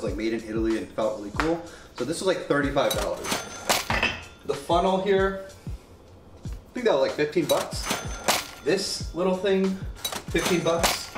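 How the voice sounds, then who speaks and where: A man casually demonstrating a home coffee setup, chatty and rambling with joking asides. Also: on the high side. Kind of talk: casual product demo. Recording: echoey room with faint music.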